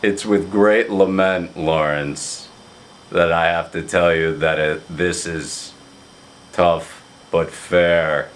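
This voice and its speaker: A man doing a slow deadpan low-voiced friend. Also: a little hiss or hum. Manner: slow, flat, deliberate delivery.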